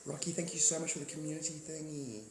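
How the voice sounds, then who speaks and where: A man's voice: fairly high pitch, fairly even intonation, quick pace, slight background noise. A man hosting a casual live stream, rambling, joking and greeting his viewers by name. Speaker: livestream host. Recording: echoey room with faint ambience.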